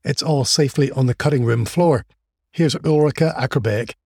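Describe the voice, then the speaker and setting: A man's voice: medium pitch, normal speed, gravelly. A man hosting a podcast, reading an upbeat intro and then chatting in a friendly, jokey way with his guest. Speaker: podcast host. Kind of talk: podcast intro and interview chat.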